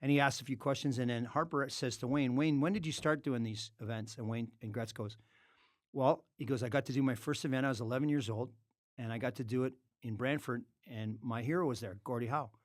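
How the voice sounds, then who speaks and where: Middle-aged man, studio podcast guest, animated, swearing storyteller, dry close mic. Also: medium pitch, a little fast, dry recording. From Canada. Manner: animated, profane storyteller with loud outbursts. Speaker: podcast guest, former hockey player. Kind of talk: casual storytelling.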